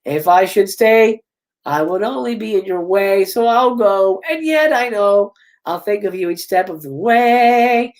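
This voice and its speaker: A man voicing a cocky young male college student who bursts into loud song. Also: sits high, lively intonation, fast. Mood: belting song.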